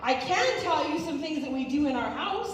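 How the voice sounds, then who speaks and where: Animated female host, kid-friendly, voice distant and echoing in a big hall. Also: high voice, moderate pace. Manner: animated, playful, talks to kids. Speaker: host and parent panelist. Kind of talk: lively family event presenting. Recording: echoey hall from far off.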